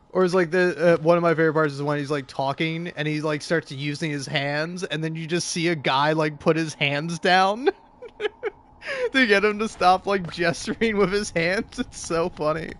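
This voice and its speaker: Game commentator, male, slightly high-pitched, loose and rambling delivery. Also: lively intonation, a little slow, fairly bright tone. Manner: rambling, filler-heavy storytelling, laughs often. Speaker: gaming video creator. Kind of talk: casual gameplay commentary.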